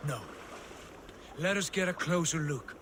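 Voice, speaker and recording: An actor playing a proud, commanding Viking jarl who speaks in a solemn, declaiming way, with game music behind. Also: male voice, on the high side, measured pace, a bit bright, a little hiss or hum. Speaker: jarl leading a war band.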